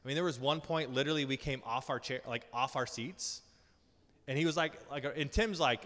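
A male preacher giving a sermon, telling funny personal stories in an animated, self-deprecating way, often laughing at himself. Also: medium pitch, fairly quick. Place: large church hall. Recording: long hall reverb.

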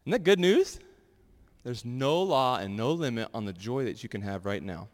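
A man preaching to his congregation, telling his own stories in a relaxed, chatty way with plenty of ums and likes. His voice sits at an ordinary middle pitch. A long reverb trails after his words, as in a large hall. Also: moderate pace. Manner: conversational, animated storytelling with many fillers. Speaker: pastor. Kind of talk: sermon with personal testimonies.

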